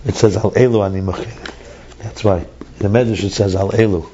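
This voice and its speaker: A man's voice: lowish voice, fairly even intonation, fairly quick, dark tone, dull audio, slight background noise. A man teaching a text study class, thinking aloud and repeating words as he reads and explains.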